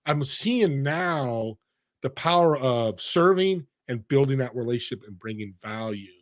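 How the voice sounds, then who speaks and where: A man's voice: mid-range voice, measured pace. A middle-aged man as an interview guest, telling stories with energy and speaking straight to the audience. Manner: animated, addresses the audience directly. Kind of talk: conversational storytelling.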